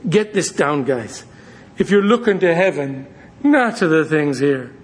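A male pastor preaching a sermon to his church, speeding through quick asides and slowing down hard for emphasis. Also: a little high. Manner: lively preaching, shifting between quick asides and slow emphasis.

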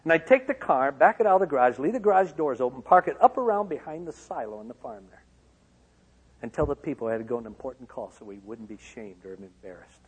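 A man from Michigan giving a personal testimony to an auditorium, swinging from loud outbursts to hushed lines. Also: medium pitch, lively intonation, fast, breathy edge. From Michigan, USA. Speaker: speaker. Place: large auditorium. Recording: long hall reverb.

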